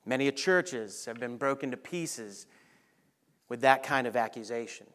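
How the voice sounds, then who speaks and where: A man preaching a sermon, animated, dropping to soft, hushed lines on key points. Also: medium pitch, measured pace. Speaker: pastor.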